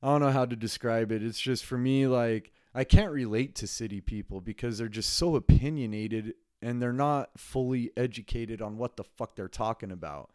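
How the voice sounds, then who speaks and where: Guy rambling on his own podcast, cusses a lot, laughs a bunch, clean smooth voice. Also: medium pitch, moderate pace, few pauses, a little mellow, no room sound, studio quality. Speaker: podcast host. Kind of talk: casual solo monologue. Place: home recording space.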